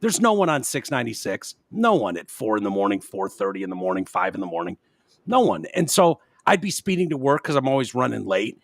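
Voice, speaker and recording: A man hosting a podcast in casual chat, animated and quick to slip into mocking impressions. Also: mid-range voice, no room sound, clean studio sound. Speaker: podcast host.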